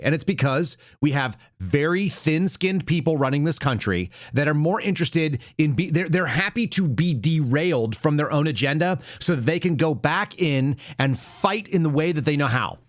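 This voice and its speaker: A man's voice: fairly high pitch, no room sound, clean studio sound. A man hosting a political podcast, giving blunt, sarcastic commentary full of rhetorical questions. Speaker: podcast host.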